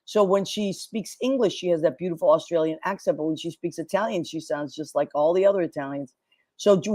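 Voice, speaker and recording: A woman's voice: lowish voice, darkish tone, dry recording. Chatty effusive woman host, dry sound. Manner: chatty, effusive, fast and rambling. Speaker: show host. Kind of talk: casual chat.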